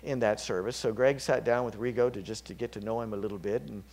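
A man preaching a sermon, casual and chatty, dropping to whispers and climbing to loud, fervent peaks. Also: on the low side, fairly even intonation, fast. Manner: conversational, with fillers and slips.

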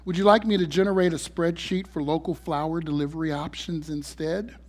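A man voicing a cold, monotone AI chatbot that answers in a flat, detached way. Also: on the high side, brisk, natural voice. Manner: flat, robotic, unfeeling.

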